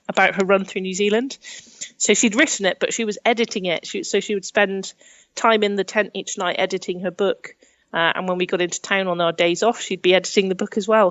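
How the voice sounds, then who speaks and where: A young Englishwoman, an adventurer appearing as a podcast guest, chats through travel stories in an interview, laughing often and acting out what people said. Her mid-range voice is fairly bright, on a dry recording with the highs cut off.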